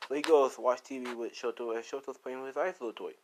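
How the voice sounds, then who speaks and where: A man's voice: mid-range voice, fast talker, noisy background. Rambling young man telling a story. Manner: rambling, full of "you know" and "like". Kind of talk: improvised casual fan-fiction narration.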